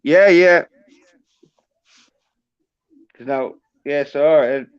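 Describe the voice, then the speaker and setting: This man's voice is on the high side and smooth, with drawn-out words. He's having a casual, blunt, profane chat on a livestream call recorded with dull lo-fi audio.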